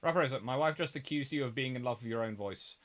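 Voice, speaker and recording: A man's voice: medium pitch, fast, a bit bright. A middle-aged man from England, hosting a rambling live-stream chat and answering viewer comments. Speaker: host.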